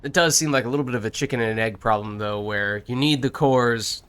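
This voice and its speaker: A man's voice: medium pitch, fairly quick, fairly bright tone, smooth. A man streaming a video game, chatting casually with a co-player and making dry jokes. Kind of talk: casual gameplay chat.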